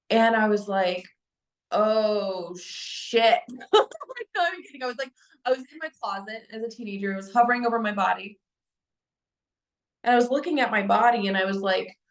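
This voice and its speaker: Young woman, earnest spiritual vlogger, halting delivery, mid pitch, roomy echo. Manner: earnest, halting with many restarts and fillers. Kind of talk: personal testimony to camera. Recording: echoey room.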